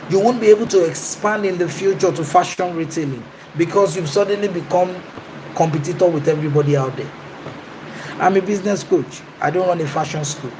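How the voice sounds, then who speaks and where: A man's voice: a little high, noisy background. A man, a business coach giving an emphatic talk and answering his own questions. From Nigeria.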